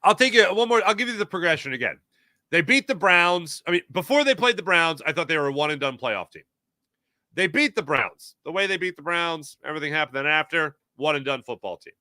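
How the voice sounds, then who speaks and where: A man talking sports on his own show, his voice bright and forceful with a lively, swinging pitch. He speaks emphatically, tells stories with quick asides and answers live chat. The sound is close and dry. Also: no echo. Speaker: sports talk show host. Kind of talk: casual sports talk, reading live chat.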